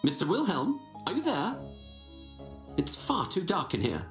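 A woman voicing a brisk, confident detective in a game, teasing and theatrical, with music and echo behind. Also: fairly low pitch, huge pitch swings. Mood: wry. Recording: game audio, echoey with music.

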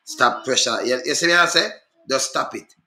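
Talking briskly in a slightly high voice with vocal fry, a Jamaican vlogger comments on the spot, insisting and repeating himself as he calls out to check the viewer understands. The recording is echoey and very noisy.

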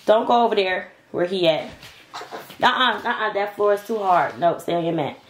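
A woman's voice: medium pitch, normal speed, slight background noise. A woman making a casual home vlog, coaxing her baby in sing-song baby talk and chatting to viewers at home. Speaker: vlogger and mother. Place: home with wood and tile floors.

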